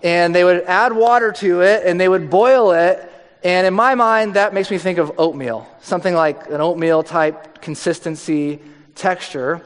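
A man's voice: sits high, moderate pace, big-room sound. A male pastor giving a conversational, joking sermon.

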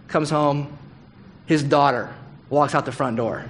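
A man's voice: fairly high pitch, unhurried, pauses often, slight background noise. Candid, conversational pastor man preaching. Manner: conversational, candid, animated with asides. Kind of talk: sermon. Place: church hall.

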